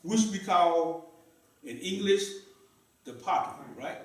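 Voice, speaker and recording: A mosque Arabic lesson is led by a man whose voice sits high and expressive while he takes things slowly. He often quizzes the class and repeats their answers, his voice distant and echoing around the room.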